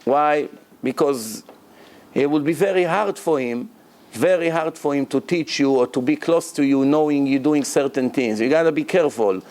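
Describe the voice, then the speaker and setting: A man's voice: a little high, moderate pace. A male rabbi giving a Torah lecture to a congregation, emphatic, repeating words for stress, with non-native grammar. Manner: breaks into loud acted shouting of prayers and quotes.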